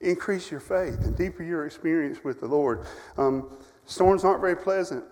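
A middle-aged man preaching a sermon, telling personal stories with feeling, rising loud and then dropping to a hush. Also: fairly high pitch, moderate pace. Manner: emotional storytelling, swings from loud to hushed. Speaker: camp director preaching. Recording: long hall reverb.

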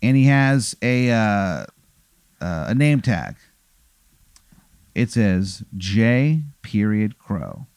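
A man's voice: on the low side, sing-song, extremely slow, pauses often, a little mellow, smooth, no room sound. A man telling an improvised comic story, rambling with plenty of fillers. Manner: rambling, filler-heavy, playful.

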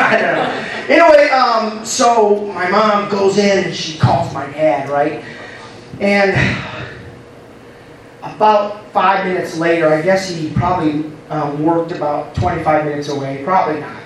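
High-voiced pastor preaching in an echoey room. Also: male voice, normal speed, distant mic, a little hiss or hum. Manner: storytelling with laughs, call-and-response. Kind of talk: sermon. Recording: roomy echo, from the mic.

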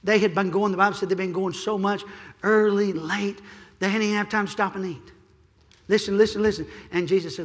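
A male pastor preaching a sermon, building from quiet pleading to loud shouting and repeating his key phrases. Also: high-pitched, fairly even intonation, fairly quick, long reverb tail. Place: church sanctuary.

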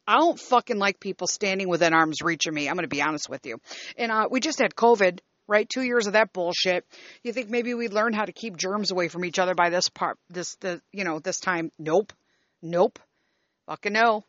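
A woman's voice: medium pitch, moderate pace, fairly bright tone, no room sound, muffled recording. A woman in her fifties ranting casually to her viewers, exasperated and profane, rambling and restarting her sentences. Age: 50s. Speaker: vlogger. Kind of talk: casual rant to camera.

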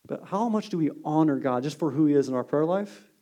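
A male pastor delivering a sermon in a high, light voice. He talks earnestly, stressing his key points with force and then sinking to a soft, hushed delivery. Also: lively intonation, a little fast, highs cut off. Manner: earnest preaching, swings from emphatic to hushed.

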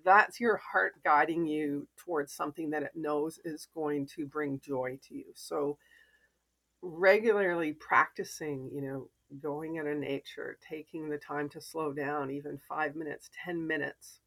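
A woman's voice: low voice, steady tone, unhurried, a bit bright. A woman, a podcast guest and mentor, telling stories and advice in an earnest, reflective way. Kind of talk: casual interview chat.

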